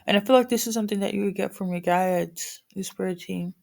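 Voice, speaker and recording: A woman's voice: mid-range voice, steady tone, quick pace, creaky, a little mellow. A woman with a morning voice giving a casual spiritual reading to viewers, rambling with many fillers and restarts. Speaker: spiritual reader.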